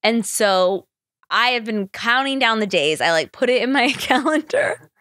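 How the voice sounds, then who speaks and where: A woman's voice: fairly high pitch, expressive, measured pace, sharp tone, dry recording. Chatty woman podcast host, dry sound. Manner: rambling, chatty, laughs easily. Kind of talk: casual chat.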